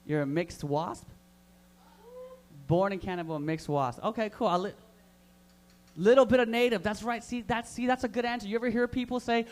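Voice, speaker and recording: High-voiced man doing crude crowd work. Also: fairly quick. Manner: loud, hyped, banters with the audience. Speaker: stand-up comedian at an open mic. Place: live comedy room in a vapor lounge.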